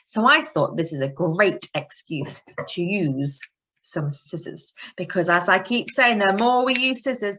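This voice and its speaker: A woman leading an online lesson for young children. Her voice is bright and lively, with pitch that rises and falls. She talks in an encouraging, sing-song way. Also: breathy edge. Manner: animated, sing-song, encouraging teacher talk. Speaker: early years teacher.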